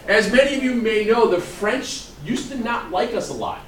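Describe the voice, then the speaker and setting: A man's voice: high-pitched, moderate pace, a little hiss or hum. A man teaching math to a class, joking and laughing often as he talks. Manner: playful, laughs often, animated. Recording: echoey classroom from far off with students.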